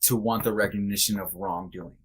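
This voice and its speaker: Podcast guest, male, lowish voice; earnest, reflective, halting delivery. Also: fairly even intonation, husky. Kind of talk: candid conversation.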